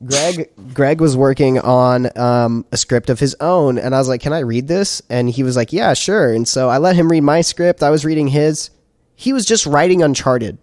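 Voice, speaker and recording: A man in his twenties co-hosting a casual chat, rambling through a story and trailing off quietly. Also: mid-range voice, moderate pace, dry recording, clean studio sound. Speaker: podcast co-host.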